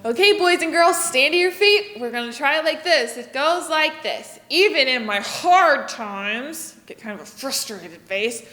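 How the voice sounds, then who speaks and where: A woman children's pastor leading a kids' church lesson, slow and encouraging as she calls out to the children. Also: sits high, expressive, bright, forceful tone, soft background music. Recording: echoey hall, roomy reverb.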